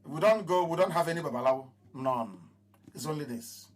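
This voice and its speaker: A movement leader with a Nigerian accent addresses his followers live, expressive and fairly quick. His impassioned speech repeats phrases and alternates between loud proclamations and low mutters.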